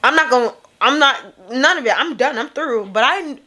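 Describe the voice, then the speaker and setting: A woman's voice: high voice, expressive, moderate pace, pushed and bright. A sassy young woman reacting to a dating show clip, talking animatedly and often breaking into laughter, recorded on her own camera at home. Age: young adult. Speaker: reaction video creator. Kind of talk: casual reaction commentary.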